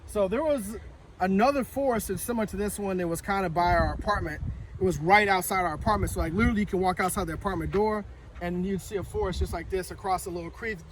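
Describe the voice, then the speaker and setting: High-voiced man telling a profane story outdoors. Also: quick pace. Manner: profane, rambling, animated storytelling. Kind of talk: casual storytelling. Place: outdoors in a forest. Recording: distant mic, loud outdoor noise.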